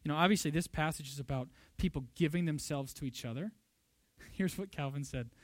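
High-pitched preacher man, dry sound. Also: brisk, no echo. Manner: emphatic, rhetorical questions, loud bursts when quoting. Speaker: pastor. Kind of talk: sermon.

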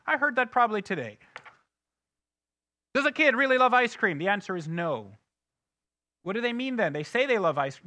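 A male pastor preaching with a high, bright, forceful voice. He swings between hushed, low asides and loud, emphatic questions to the congregation. The sound is dry and close, with little room echo. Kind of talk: sermon. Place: church sanctuary.

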